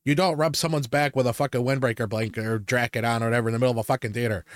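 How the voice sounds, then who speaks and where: A man's voice: mid-range voice, expressive, quick pace, no echo, studio quality. A young adult man in casual chat, telling rambling stories full of swearing and filler words. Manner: ranting storyteller, heavy swearing and fillers. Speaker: podcast co-host.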